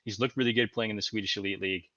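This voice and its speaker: A man's voice: lowish voice, steady tone, racing, sharp tone, no echo, muffled recording. A man co-hosting a podcast, breaking down hockey prospects analytically, often hedging with "I think.". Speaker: podcast co-host. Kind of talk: casual hockey draft analysis.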